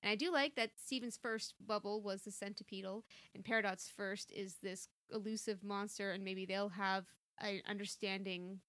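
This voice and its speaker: A woman's voice: medium pitch, fairly even intonation, moderate pace, hardly any pauses, a bit bright, no echo. A young woman co-hosting a podcast, chatting enthusiastically about a cartoon episode and laughing often. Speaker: podcast co-host.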